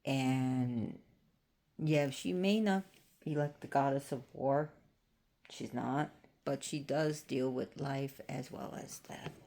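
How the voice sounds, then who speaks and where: A woman with a low, mellow voice talks through an occult presentation in a casual, meandering way. She takes her time and drifts into side remarks before pulling back on topic. Her delivery is relaxed and warm. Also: slow. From Florida, US. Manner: chatty and rambling, with frequent "so anyways".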